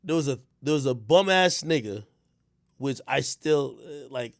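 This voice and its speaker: A young man in casual reaction commentary, telling stories with lots of fillers and sudden bursts of shouting. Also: medium pitch, unhurried, no room sound, clean studio sound. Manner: animated storytelling with frequent fillers, bursts of shouting. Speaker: streamer commentator.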